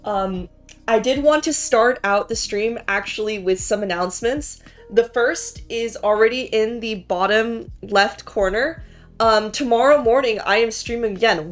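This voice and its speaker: A bubbly woman streaming from home, her voice sitting a bit high as she chats loosely and giggles between fillers. Faint music plays softly behind her home mic. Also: a little slow. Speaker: streamer hosting a science stream. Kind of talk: casual chat.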